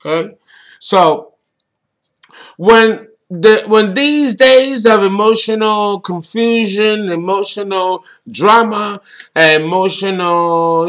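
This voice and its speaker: A man with a high, bright voice talks through astrology at an unhurried pace. He leans on words for emphasis and drops blunt, casual swearing into his points. He sounds like a solo presenter speaking straight to his audience.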